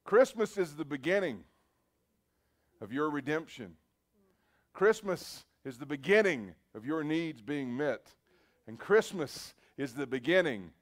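A man preaching at a church service, telling a story and leading prayer in an earnest, urging way. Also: fairly high pitch. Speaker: pastor.

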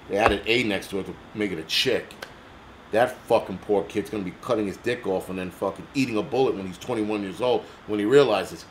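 A man's voice: on the low side, fast, slight background noise. An American man hosting a livestream, ranting angrily in a blunt, profane, heated way. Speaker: livestream host.

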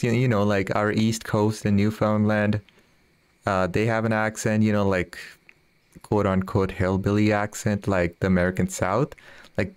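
In a dry recording with no room sound, a man's fairly low, smooth voice chats with his live-stream audience while he plays a fishing game. He laughs a lot and reads their messages aloud.

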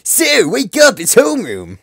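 A man's voice: extremely high pitch, huge pitch swings, a little slow, creaky, no room sound, clean studio sound, pitched above the performer's own voice, heavily acted. A man voicing a sleepy, absent-minded male quail teacher in a game playthrough. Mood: drowsy.

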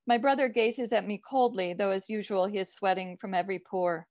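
A woman author reads her own short fiction in a measured, even way. The sound is dry and close, with no room echo. Her voice sits at a middle pitch for a woman. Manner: measured literary reading.

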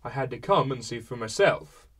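A man voicing a hearty, showy middle-aged merchant father who talks with booming, forced cheer. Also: animated, moderate pace, a bit bright. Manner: booming, jovial, with fake cheer. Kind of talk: audiobook character voice.

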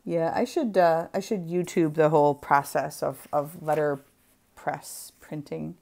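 A woman's voice: low-pitched, fairly even intonation, gravelly, mellow. A woman hosting a casual craft livestream, playful and giggly as she chats while stamping. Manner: playful, giggly, drawn-out delivery.

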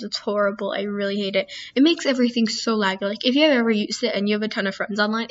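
A woman's voice: mid-range voice, fairly bright tone. A teenage girl YouTuber rambling in casual chat, easily distracted and self-mocking. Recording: dull lo-fi screen-capture audio.

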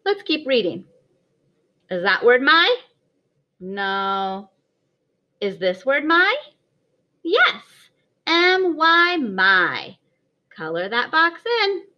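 A woman's voice: fairly high pitch, sing-song, takes it slowly, long pauses. A woman teaching a kindergarten writing lesson in a sing-song, encouraging voice for small children. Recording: slightly dull lo-fi audio.

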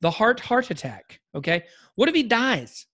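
A man's voice: high-pitched, very animated, moderate pace, fairly bright tone. A man co-hosting a podcast in casual chat, rambling and joking with lots of restarts and fillers. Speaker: podcast co-host.

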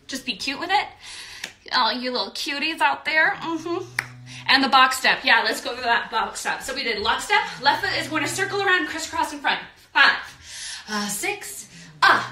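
A woman's voice: high voice, pushed and bright, recorded from a distance. A woman teaching a dance class, upbeat, counting beats aloud and chanting the rhythm. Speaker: dance instructor. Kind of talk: live online dance class. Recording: echoey room, voice off-mic, faint noise.

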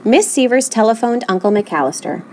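A woman reading a children's picture book aloud in an expressive, animated way. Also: on the high side, fairly quick, poor audio. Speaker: storybook reader.

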